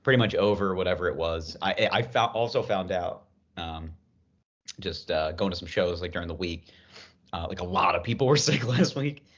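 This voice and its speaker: A man's voice: sits low, animated, fairly quick, fairly bright tone. A young man, co-hosting a podcast in casual chat, telling slangy stories with laughs and acted-out voices. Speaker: podcast co-host. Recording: muffled lo-fi podcast audio.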